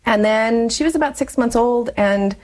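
Give me a chatty, animated woman in her forties telling her own story as an interview guest. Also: fairly high pitch, normal speed. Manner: chatty, animated storyteller who laughs often. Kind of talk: personal storytelling in conversation.

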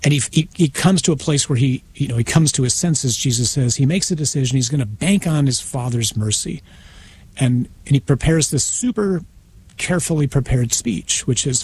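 A man, a priest guest on a radio interview, retelling a story in a conversational, animated way. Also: medium pitch, normal speed, slight background noise. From United States. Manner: conversational, acts out voices in his retelling, frequent restarts.

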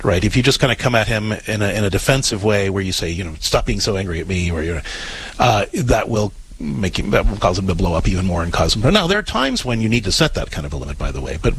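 Husky man giving advice on a call-in show. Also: on the low side, rough recording. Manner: coaching, direct, repeats himself while explaining. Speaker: radio advice host.

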